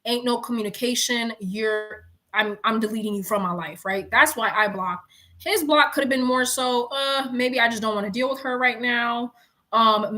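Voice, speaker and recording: Young woman, casual tarot reader, chatty and profane, bright, slightly high voice. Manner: chatty, profane, laughs a lot. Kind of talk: casual livestream tarot reading.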